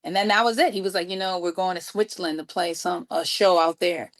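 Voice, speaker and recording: A woman from New York City, a guest musician, telling a story with lively acted-out dialogue. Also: lowish voice, brisk. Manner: acts out quoted dialogue with lively voices. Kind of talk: animated storytelling.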